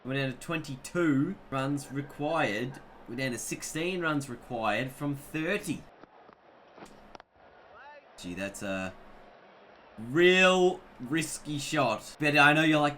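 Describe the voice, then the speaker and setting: A man's voice: a little high, lively intonation, slow, sharp tone, slight background noise. A young man giving chatty, self-mocking commentary on his own gameplay. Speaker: gaming YouTuber.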